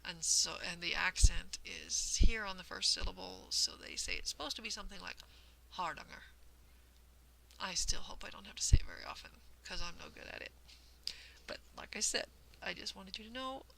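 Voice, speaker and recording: Very gravelly woman, careful explainer. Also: lowish voice, sharp tone, slight background noise, low-quality recording. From United States. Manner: careful, explanatory, self-deprecating. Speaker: host of a cross-stitch vlog. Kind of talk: casual vlog chat.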